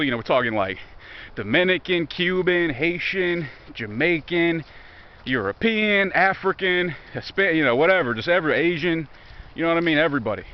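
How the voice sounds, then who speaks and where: Young man, Southern Virginia accent, profane sarcastic walk-and-talk vlogger, muffled outdoor phone audio. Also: fairly high pitch. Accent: Southern American, Virginia. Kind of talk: rambling walk-and-talk monologue. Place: outdoors in woods near a highway.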